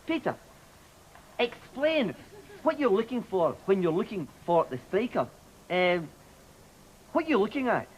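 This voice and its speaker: A man's voice: high-pitched, very animated, a little slow, pauses often, rough recording. A man with a Scottish accent playing a muddled, flustered football show presenter in a TV comedy sketch. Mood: bumbling. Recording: old TV recording with studio audience noise.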